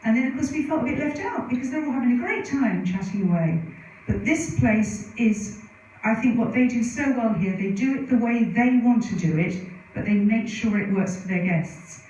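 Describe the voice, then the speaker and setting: A middle-aged woman speaking at a conference venue has a mellow voice on the high side, expressive and at a moderate pace. She shares anecdotes chattily with lots of asides, recorded at a distance in a very echoey hall.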